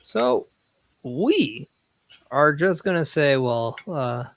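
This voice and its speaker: A man co-hosting a live watch-along show, chatting casually, halting and restarting his words. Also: mid-range voice, lively intonation, a bit bright, no room sound. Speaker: co-host.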